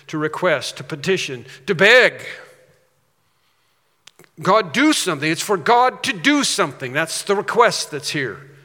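A man's voice: fairly high pitch, sharp tone. A man preaching a sermon as pastor, emphatic, repeating phrases and rising on key points. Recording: reverberant hall.

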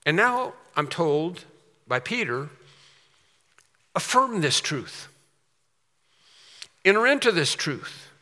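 A man's voice: on the high side, sing-song, takes it slowly, pauses often, sharp tone, long reverb tail. A man preaching a sermon as a pastor, earnest and emphatic, with storytelling asides.

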